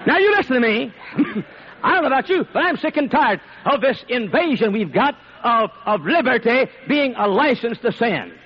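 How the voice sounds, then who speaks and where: A man preaching a sermon in an emphatic, repetitive way that rises to shouts, on a dull lo-fi recording. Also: extremely high pitch, sing-song, normal speed, slight background noise.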